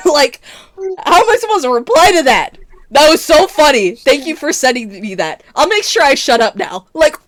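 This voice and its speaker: A woman streamer in casual livestream chat, ranting with lots of swearing and breaking into laughter, loud enough to peak the mic. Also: sits high, sing-song, normal speed, no echo, studio quality. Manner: profane exasperated ranting, often breaking into laughter.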